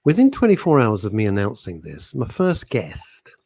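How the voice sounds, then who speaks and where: A man hosting a radio talk show, chatting theatrically with mock outrage and quiet asides. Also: fairly low pitch, huge pitch swings, moderate pace, no echo. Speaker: radio host. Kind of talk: casual radio banter. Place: radio studio. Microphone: studio microphone.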